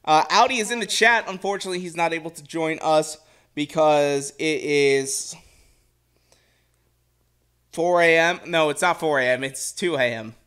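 Brief: young male streamer, high, bright voice, excitable and rambling, casual game chat. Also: moderate pace, smooth. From Ohio, USA. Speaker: gameplay streamer. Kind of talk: casual gameplay commentary.

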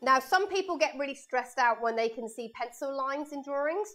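This is a woman art teacher running a live children's painting lesson in her studio, chatting through every step of her drawing. Her high voice moves at a moderate pace with a fairly bright tone, picked up by a lapel mic.

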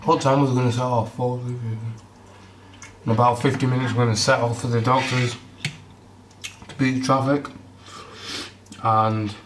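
A young man rambles casually through a home vlog, chewing and chatting, a little congested from a cold. His voice stays flat and even, picked up by a camera mic set back from him, with clear background noise in the room. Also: medium pitch, a little slow, pauses often, distant mic. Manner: chatty, rambling, eats while talking. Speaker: fitness vlogger.

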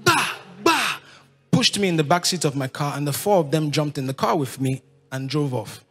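A man with a Nigerian accent in his thirties, telling his life story to an audience in lively, animated storytelling. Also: a little fast, breathy edge. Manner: lively, acts out voices of others with big pitch jumps, laughs while telling.

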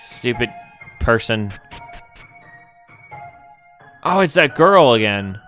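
A man's voice: medium pitch, sing-song, measured pace, a bit bright, faint music behind. A man recording let's play commentary, reading every character's lines in his own voice and exclaiming when startled. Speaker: gamer reading game dialogue aloud.

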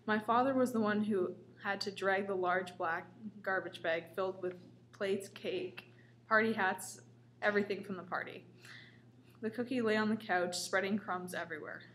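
Woman, story reader, casual, small stumbles, mid pitch, faint background hum. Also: fairly even intonation, normal speed, a bit bright. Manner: casual, stumbles and laughs while reading. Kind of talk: reading a comic story aloud.

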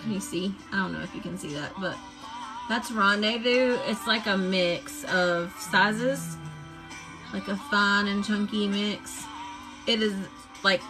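Slow, chatty woman on a craft live stream. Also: mid-range voice, music in the background, rough recording. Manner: chatty, drawn-out and enthusiastic, with fillers. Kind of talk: casual live-stream chat.

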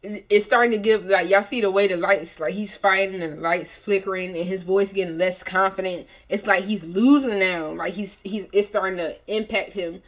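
Animated young woman reacting to music. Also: mid-range voice, moderate pace, few pauses. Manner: animated, rambling, restarts and fillers like "like". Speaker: music reaction video host. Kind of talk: casual reaction commentary.

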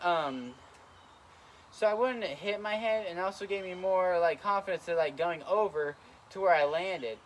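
Young man, high-ish voice, winded, filler-heavy casual how-to. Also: slight background noise. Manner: rambling, lots of "like" and "kinda", repeats himself. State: out of breath. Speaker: trampoline tips vlogger. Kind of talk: casual instructional vlog. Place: outdoors on a trampoline.

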